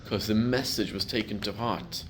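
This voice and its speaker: A middle-aged man, a rabbi, giving a class to a live group, telling stories and building to loud emphatic peaks. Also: on the low side, steady tone, moderate pace, a little hiss or hum.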